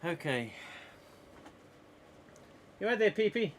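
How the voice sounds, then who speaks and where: This man's high voice is sing-song and slow, with a little hiss or hum in the audio. Live streaming from a small home office in his English East Midlands accent, he chats and rambles casually with viewers, laughing often.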